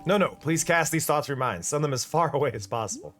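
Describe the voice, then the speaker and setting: A man voicing an earnest young warrior who speaks formally and gravely. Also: on the high side, animated, fast talker, fairly bright tone. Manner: formal and grave, speaks in lofty pep talks. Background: faint music.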